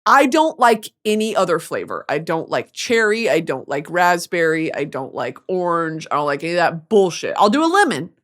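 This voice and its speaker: A woman's voice: on the low side, very animated, moderate pace, hardly any pauses, a bit bright. A woman from Texas hosting a podcast, telling a story as a comedic monologue in a profane, self-mocking way. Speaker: podcast host.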